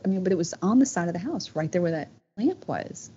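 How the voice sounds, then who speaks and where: A woman's voice: mid-range voice, lively intonation, fast talker, hardly any pauses, dark tone, a little hiss or hum. A woman, telling a personal story as a podcast guest in a heartfelt, rambling way, with many "you know" fillers. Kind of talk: casual storytelling. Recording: dull lo-fi podcast audio.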